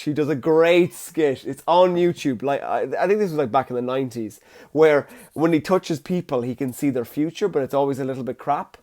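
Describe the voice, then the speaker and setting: A chatty Irish man talking alone on his podcast, joking and swearing casually. His voice sits a touch higher than most men's. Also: a little mellow. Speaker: podcast host. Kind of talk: solo podcast chat.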